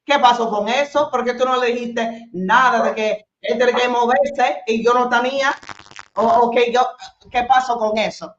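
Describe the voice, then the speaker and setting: Lively storytelling woman, roomy muffled sound. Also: fairly high pitch, normal speed. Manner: animated storyteller, swears casually, switches into Spanish. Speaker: host. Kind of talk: casual chat, storytelling.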